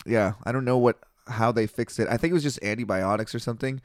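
A man's voice: medium pitch, fast talker, no echo, studio quality. A young man telling stories in casual chat, swearing freely, acting out quotes and laughing often.

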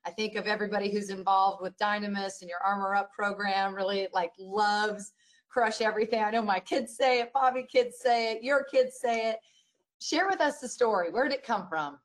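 A woman hosts a live podcast and opens with questions for her guest. Her voice sits at an ordinary pitch, and she talks in a relaxed, inviting way. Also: moderate pace. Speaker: podcast host, interviewer. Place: podcast studio at a live event.

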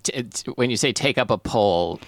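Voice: medium pitch, expressive, normal speed, no echo. This is a podcast co-host trading jokes in casual banter, with a voice that swings widely up and down. The sound is dry and close to the mic. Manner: wisecracking, interjects jokes.

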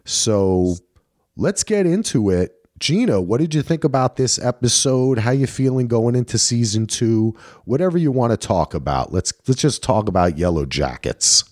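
A man's voice: mid-range voice, very animated, moderate pace, darkish tone, no echo, studio quality. A man hosting a casual podcast, rambling and upbeat as he introduces guests and plugs the show. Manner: upbeat, rambling host patter. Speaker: podcast host.

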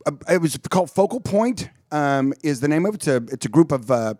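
A man's voice: a little high, very animated, a little fast, warm tone, dry recording, clean studio sound. Male radio co-host chiming in. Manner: supportive, chiming in with short reactions. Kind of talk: casual talk radio banter.

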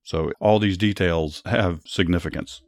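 A man narrates Bible stories and then explains them, reading in a measured, earnest way. His voice sits low. The sound is dry, with no room echo. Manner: measured, earnest reading, small restarts in commentary. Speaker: storyteller and Bible teacher. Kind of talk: Bible story narration with commentary.

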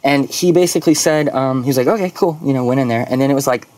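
Talking fast at a medium pitch, a man animatedly recounts his photography work in a relaxed way, peppering it with fillers and performing the quoted lines. There's no echo on the audio.

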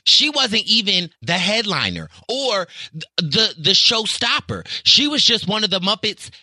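A man with a Southern accent, a podcast guest in lively casual chat, theatrical and quick to laugh. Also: high-pitched, no room sound.

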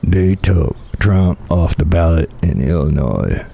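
A man doing a gravelly grumpy fiddler. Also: low voice, slow, mellow, pitched below the performer's own voice, heavily acted. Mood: grumbling. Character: gruff grumbling male fiddle player.

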